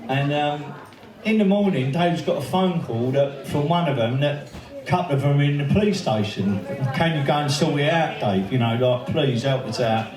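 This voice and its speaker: At a memorial birthday event in a pub function room, a man with a fairly high voice tells anecdotes to a crowd at a moderate pace. He laughs, swears, and acts out other people's lines, and his voice echoes through the roomy space from a distance.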